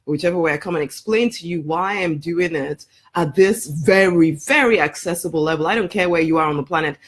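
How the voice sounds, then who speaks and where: A woman's voice: fairly low pitch, fairly quick, breathy edge. A woman life coach giving an emphatic promotional talk to camera, repeating her points, calling the listener honey and laughing often. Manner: laughs often between phrases. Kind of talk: promotional live video talk.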